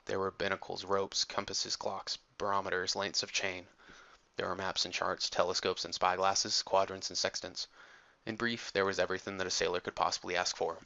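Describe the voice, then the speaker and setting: A man reading an adventure audiobook in a measured, steady storytelling manner, on a dull lo-fi recording. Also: low-pitched, creaky. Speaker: audiobook narrator. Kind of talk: audiobook narration.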